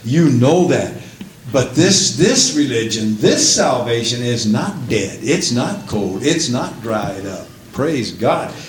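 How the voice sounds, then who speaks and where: Pastor, male, mid-pitched voice, preaching with praise interjections, recorded in a roomy, echoing church with faint background hum. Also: animated, takes it slowly. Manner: preaching, rising to shouts at climaxes; interjects praise and hallelujahs often. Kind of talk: sermon.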